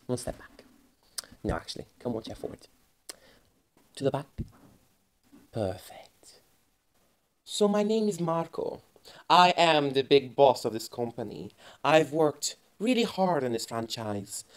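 A woman playing a smooth, threatening male restaurant boss in a comic sketch, coaxing slowly and then making threats. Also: very deep voice, big pitch swings, heavily acted. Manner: slow, creepy coaxing turning to threats.

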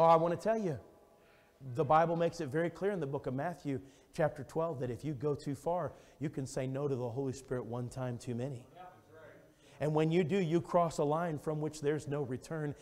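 A man preaching a fervent revival sermon as an evangelist, swinging between loud, urgent exclamations and hushed, intimate storytelling. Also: a little high. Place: church sanctuary. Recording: long church reverb.

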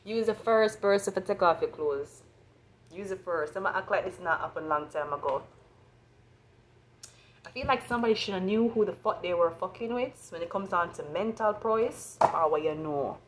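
A woman's voice: on the low side, slight background noise. Blunt Jamaican woman ranting profanely. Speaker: astrology reader. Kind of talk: astrology reading monologue.

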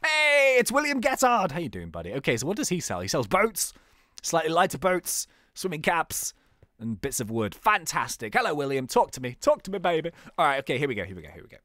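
A man's voice: wildly swooping pitch, a little fast, pushed and bright, no room sound, clean studio sound. A young man giving jokey, playful commentary while playing a game. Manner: playful, jokey, laughs at own jokes, wildly swinging pitch. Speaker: gaming YouTuber. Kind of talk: casual gameplay commentary.

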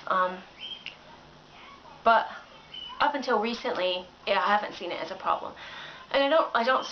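A woman's voice: mid-range voice, muffled recording, a little hiss or hum. A woman vlogger ranting sarcastically into the camera in a casual way, with plenty of filler words.

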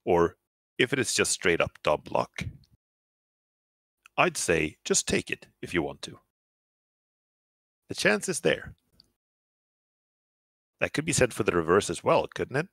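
Man voicing a thoughtful male space crewmate, measured and earnest, visual novel reading, low voice. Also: very animated, gravelly, a bit bright, no room sound, full character voice. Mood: reflective.

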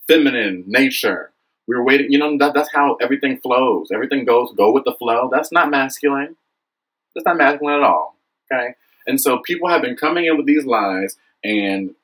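A young man with a husky, slightly breathy voice speaks straight to the camera in an impassioned vlog. He is earnest and preachy, keeps checking in with the viewer, and his pitch leaps up when he gets worked up. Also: poor audio. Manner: earnest, preachy, frequent "okay?" and "you know what I mean?"; animated, swings high when excited. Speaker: vlogger. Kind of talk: impassioned direct-to-camera monologue.

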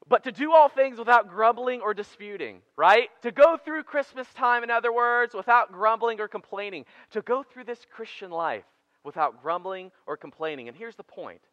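A man preaching a conversational sermon, joking with the congregation between quiet and emphatic passages. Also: sits high, animated, moderate pace, no room sound. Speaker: pastor. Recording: dry, muffled church sermon recording.

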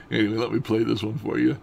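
A man's voice: lowish voice, gravelly, noisy background. A man chatting casually to camera at home about odd happenings. He speaks in a rambling, folksy way with loose grammar and frequent chuckles. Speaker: paranormal vlogger.

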